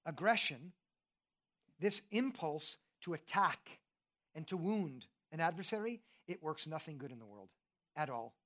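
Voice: medium pitch, lively intonation, unhurried, fairly bright tone. Earnest, conversational preacher. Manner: conversational, earnest, asks the congregation questions; often repeats "and, and" when starting a thought. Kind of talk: sermon.

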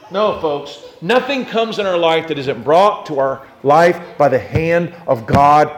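A man preaching a sermon, dropping to soft low asides and then climbing into impassioned cries as he acts out prayers. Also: lively intonation, a little slow, hardly any pauses. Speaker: pastor.

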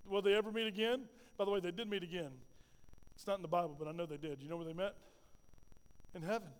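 A male pastor delivering a lively sermon, folksy and conversational, often asking the congregation questions and answering them himself. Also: high-pitched, fast, long pauses, smooth, big-room sound. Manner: lively preaching with call-and-response questions.

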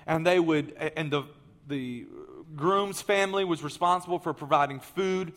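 A man preaching a sermon, telling the story in a lively way that swings from loud emphasis to hushed asides. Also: fairly high pitch, moderate pace.

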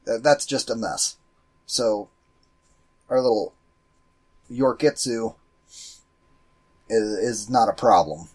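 A man co-hosting a casual movie commentary podcast, rambling and swearing as he tells animated stories. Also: mid-range voice, takes it slowly, long pauses. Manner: profane, rambling, animated storytelling. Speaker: podcast co-host.

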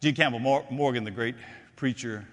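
A man preaching a sermon, swinging between loud declarations and hushed, drawn-out phrases and repeating his lines for effect. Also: medium pitch. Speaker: pastor. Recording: long hall reverb.

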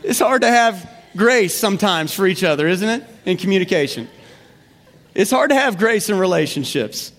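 A male pastor with a high voice preaches with animation, throwing questions to the congregation and repeating his key lines. His words carry through a long reverb in a church sanctuary. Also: lively intonation, normal speed, fairly bright tone. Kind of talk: sermon.

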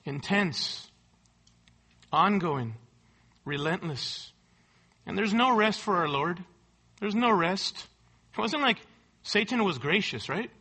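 A man's voice: high voice, animated, measured pace, sharp tone. A male pastor preaching a sermon, emphatic and rhetorical, repeating key words and asking the room for agreement.

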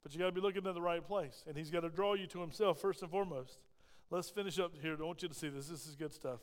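Male preacher, high clear voice, church hall reverb, emphatic sermon. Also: quick pace. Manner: emphatic, rising and falling preaching delivery. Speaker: pastor. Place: church sanctuary.

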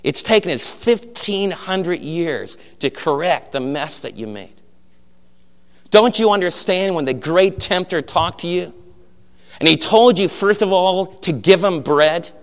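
A man's voice: on the high side, normal speed, natural voice. A man preaching, voicing an old domineering male cardinal who fires accusing questions at a prisoner. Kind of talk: sermon with acted story. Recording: long hall reverb.

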